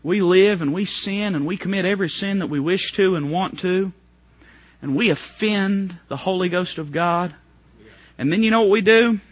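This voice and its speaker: A man preaching a sermon as pastor, fervent and stop-start, swinging from soft to loud. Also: high-pitched, normal speed, no echo, dull audio.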